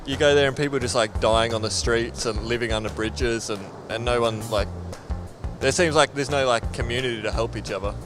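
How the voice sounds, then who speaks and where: A man's voice: mid-range voice, a little fast. An Australian man answering a street interview hesitantly, filling gaps with "like". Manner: hesitant, lots of "like". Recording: music under outdoor interview.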